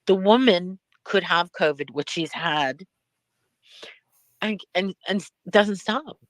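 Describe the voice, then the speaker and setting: A woman's voice: on the low side, takes it slowly, no room sound. A middle-aged woman hosting a live stream in casual chat, rambling from one thing to the next and laughing often.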